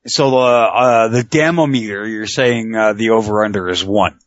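A man's voice: on the low side, normal speed, no room sound. A man co-hosting a casual wrestling podcast, leading the topics and laughing often. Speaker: podcast co-host. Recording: dull dry lo-fi sound.

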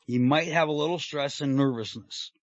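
Relaxed, chatty man podcast host. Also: a little high, normal speed, no room sound, dull audio. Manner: loose, filler-heavy, joking. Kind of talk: casual podcast chat.

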